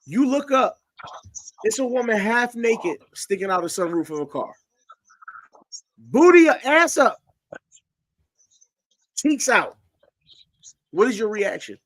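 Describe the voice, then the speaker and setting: A man hosts a casual chat with his friends, animated and quizzing them. His voice sits high and bright. The room is dry and close. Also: a little slow, long pauses, no room sound. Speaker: podcast host.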